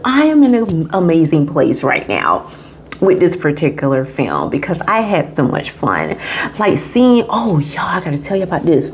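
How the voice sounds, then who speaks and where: A woman's voice: sing-song, normal speed, slight background noise. A woman hosting a casual video review, chatty and gushing, talking straight to her viewers, sometimes dropping to a whisper and sometimes jumping to a squeal. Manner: drops into hushed whispers and jumps to high squeals. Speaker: movie reviewer and channel host.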